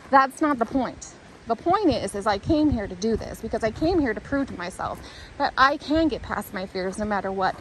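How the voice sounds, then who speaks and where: A woman's voice: on the high side, expressive, normal speed, fairly bright tone, slight background noise, rough recording. A woman talking to the camera while walking a hiking trail outdoors, thinking aloud in an earnest, rambling, reflective way. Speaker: vlogger.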